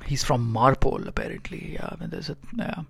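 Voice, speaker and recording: In this casual storytelling vlog recorded aboard a ship, the engineer rambles and restarts often, using plenty of fillers. His mid-range voice is creaky and fairly bright, he talks fairly quickly, and there's slight background noise.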